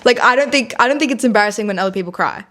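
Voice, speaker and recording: A young woman co-hosting a podcast, speaking in a casual, candid way. Her voice sits a little high for a woman. She swears freely and leans on "like" as a filler. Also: expressive, very fast, a bit bright. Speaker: podcast co-host. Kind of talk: casual chat.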